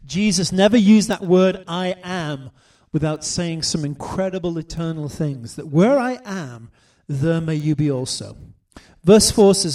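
A man preaching a sermon, reading scripture slowly and deliberately, swinging between loud declarations and soft hushed asides. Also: fairly high pitch, distant mic.

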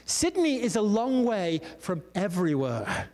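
A man's voice: high voice, big pitch swings, unhurried, a little mellow. A man preaching a sermon in a conversational, storytelling way, full of asides. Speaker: pastor. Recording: long hall reverb.

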